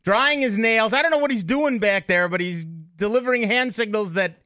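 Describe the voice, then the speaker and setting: A man's voice: high-pitched, moderate pace, bright, forceful tone. A man hosting a radio talk show, chatty and joking with his co-hosts. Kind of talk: casual radio banter.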